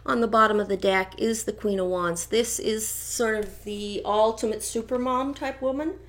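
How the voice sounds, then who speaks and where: A woman's voice: a little high, moderate pace. Chatty woman doing a tarot reading. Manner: chatty, gossipy, animated asides. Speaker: tarot reader. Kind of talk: casual tarot reading commentary.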